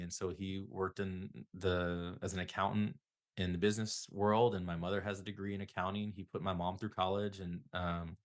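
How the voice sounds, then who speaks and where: A man's voice: low voice, flat delivery, moderate pace. A middle-aged man, a psychotherapist guest, telling rambling self-deprecating stories in a casual interview.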